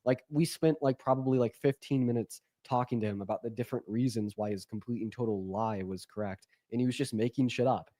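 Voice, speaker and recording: A young man hosting a live-stream debate, talking fast and bluntly with lots of fillers. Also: medium pitch, mellow, no echo, clean studio sound.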